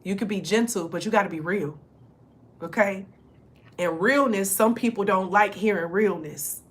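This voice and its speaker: A woman's voice: mid-range voice, moderate pace, fairly bright tone. A woman giving a casual spiritual reading to her viewers, talking in a direct, emphatic, chatty way and often checking in with "okay?". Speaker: spiritual reader channeling ancestor messages.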